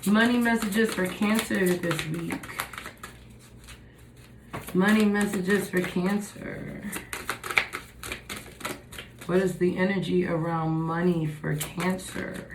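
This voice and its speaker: A woman gives a relaxed tarot reading, musing aloud over each card. Her delivery is slow and drawn out. Her voice bounces around an echoey room with a faint hum of ambience behind it. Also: lowish voice. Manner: musing, thinks aloud while reading cards. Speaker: tarot reader.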